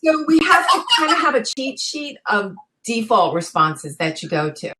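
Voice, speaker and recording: A woman parenting coach in a casual panel discussion, giving calm, measured advice. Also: fairly high pitch, heavy background noise.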